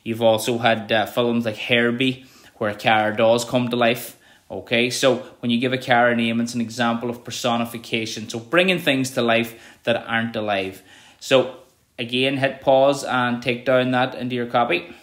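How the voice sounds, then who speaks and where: A man teaching a recorded revision lesson, explaining terms with frequent checks like "okay" and reading examples out slowly. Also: medium pitch, a bit bright. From Ireland.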